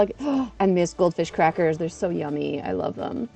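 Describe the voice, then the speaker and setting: A woman live streaming in casual chat, chatty and excitable, eating while she talks. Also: fairly low pitch, moderate pace, creaky, soft background music.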